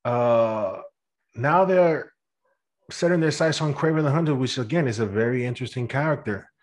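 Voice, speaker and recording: A man's voice: medium pitch, normal speed. A man hosting a podcast, chatting casually and putting questions to his co-host. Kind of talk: casual pop-culture chat.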